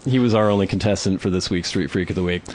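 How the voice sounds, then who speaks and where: A young adult man co-hosting a podcast, telling a story in a casual, animated way and laughing often. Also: sits low, fast. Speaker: podcast co-host.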